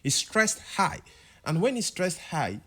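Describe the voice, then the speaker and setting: A man teaching a piano lesson, explaining chords and now and then singing example words to show rising and falling pitch. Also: big pitch swings, measured pace, fairly bright tone. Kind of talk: music tutorial.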